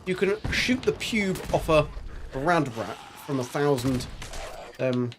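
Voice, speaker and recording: A man's voice: on the high side, lively intonation, unhurried, slight background noise. A man streaming a video game, chatting casually and rambling with jokes and silly sound effects. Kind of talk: casual gameplay commentary.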